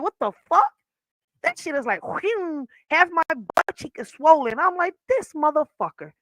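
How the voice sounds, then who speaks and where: Bright, laughing woman telling a profane story. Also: high-pitched, no room sound, poor audio. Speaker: livestream host. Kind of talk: casual livestream chat. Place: at home, sitting on a chair. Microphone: wearing headphones.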